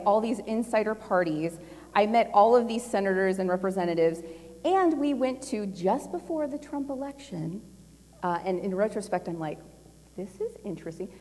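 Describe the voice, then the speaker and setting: A middle-aged woman giving a casual, animated talk at a conference, telling a personal story with a lot of fillers and laughter. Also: mid-range voice. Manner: chatty and animated, laughing often, with lots of fillers. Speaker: conference speaker. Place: large conference hall. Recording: long hall reverb.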